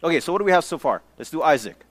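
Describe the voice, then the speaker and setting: A pastor giving a casual Bible-study sermon, talking conversationally with slang and often checking in with his listeners, sometimes dropping to a hushed near-whisper. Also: on the high side, lively intonation, rapid-fire, no room sound.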